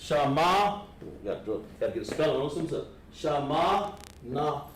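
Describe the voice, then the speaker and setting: A man's voice: fairly high pitch, sing-song, normal speed. Man teaching letters in an echoey room. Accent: Southern American. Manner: patient, step-by-step explaining. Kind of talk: classroom instruction. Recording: echoey room with background noise.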